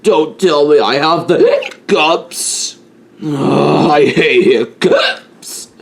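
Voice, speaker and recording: A man's voice: on the high side, animated, extremely slow, vocal fry, full character voice. A man voicing a whiny hiccuping cartoon wolf. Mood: exasperated. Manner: whiny and exasperated complaints. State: suffering from hiccups. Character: blue male wolf hero, easily annoyed. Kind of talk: homemade toy-animal story.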